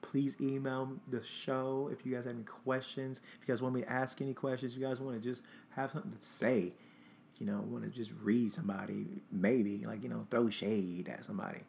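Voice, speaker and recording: A man's voice: medium pitch, little pitch movement, brisk, gravelly, a little mellow, a little hiss or hum. A young man hosting his own show, telling a dating story in a chatty, blunt, profane way and acting out both sides of a text exchange. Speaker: host. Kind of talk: casual storytime monologue.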